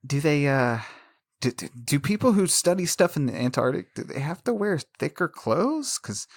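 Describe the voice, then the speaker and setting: A man's voice: on the high side, sing-song, normal speed, no echo. A man co-hosting a casual podcast, chatting about a film, laughing often and rambling through trivia. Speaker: podcast co-host. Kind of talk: casual film discussion chat.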